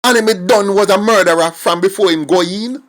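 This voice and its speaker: A middle-aged Jamaican commentator delivers an emphatic, indignant opinion monologue, shifting between English and patois. His voice sits high and moves at a moderate pace.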